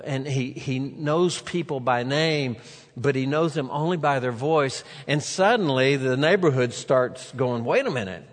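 Man preaching in an echoing church. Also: mid-range voice. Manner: animated storytelling, acting out the characters' lines. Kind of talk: sermon. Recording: long reverb of a large hall.

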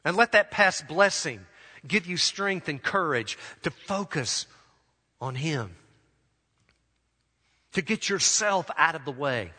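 A man preaching a sermon as a pastor, earnest and slowing down to stress key words. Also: a little high, lively intonation, pushed and bright, breathy edge. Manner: earnest preaching, slows for emphasis. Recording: long hall reverb.

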